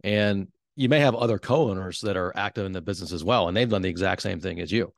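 A man who works as a wealth advisor, explaining business topics on a podcast in a measured, earnest way. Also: low voice, creaky, no room sound, clean studio sound. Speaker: wealth advisor, show host.

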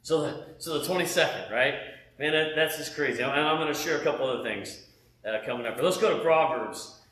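A man preaching a personal testimony in a casual, animated way, tossing in "man" and "right?" between his points. His voice sits a bit high for a man. The room is roomy and echoey, as if he is speaking at home. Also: brisk. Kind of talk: sermon testimony.

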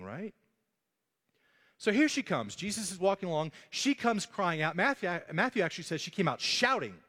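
A man delivers a sermon with lively storytelling and acts out the characters as he goes. His voice sits a little high, and it carries a long reverb from a large church hall. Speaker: pastor.

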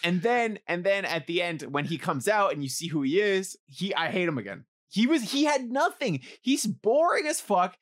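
A man's voice: high voice, moderate pace, hardly any pauses. A man co-hosting a podcast in casual chat, ranting bluntly with a lot of swearing. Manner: blunt, profane ranting, animated. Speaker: podcast co-host.

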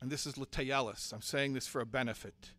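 A man teaching and preaching to a community audience, moving from hushed storytelling to forceful, impassioned exhortation. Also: medium pitch, fairly even intonation, brisk. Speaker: Torah teacher and speaker.

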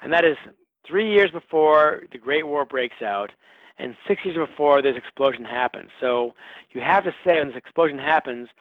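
A man's voice: mid-range voice, no room sound. A male author answering interview questions, telling history with a wry, storytelling manner. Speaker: author guest. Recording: phone-like line.

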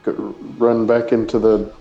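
A man's voice: on the low side, flat delivery, measured pace, faint music behind. Man player with a dull lo-fi sound. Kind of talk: playing a tabletop game.

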